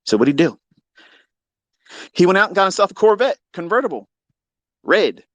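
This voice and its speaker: A man hosting a live audio chat, telling a long story in a profane, mocking, animated way. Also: sits high, normal speed, no room sound. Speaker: Twitter Space host. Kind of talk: casual storytelling rant. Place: lives in Maryland.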